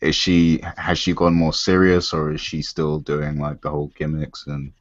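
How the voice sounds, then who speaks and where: A man's voice: a bass voice, flat delivery, normal speed. A man on a casual music talk show, asking questions in a hesitant way. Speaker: podcast co-host. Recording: dull lo-fi sound.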